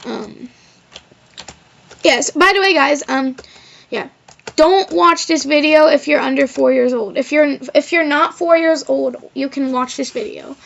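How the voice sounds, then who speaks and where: A woman's voice: high-pitched, measured pace, gravelly, fairly bright tone. A female vlogger telling a personal story in a rambling, casual way, filling her talk with "like" and "of course.". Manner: rambling, heavy use of "like" and "of course". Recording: slightly dull lo-fi recording.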